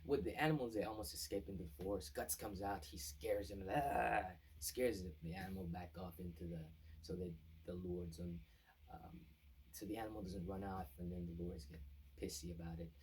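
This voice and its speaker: A man's voice: low-pitched, brisk, a little mellow, recorded from a distance, slight background noise, rough recording. A man casually recapping an anime plot as a reviewer, rambling and acting out the characters' lines. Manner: rambling, with many fillers and restarts, acting out quotes.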